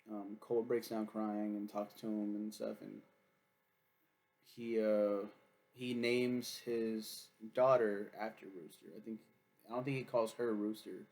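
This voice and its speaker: A man's voice: lowish voice, darkish tone. A man chatting casually as he reviews a TV series, rambling and swearing freely with lots of fillers.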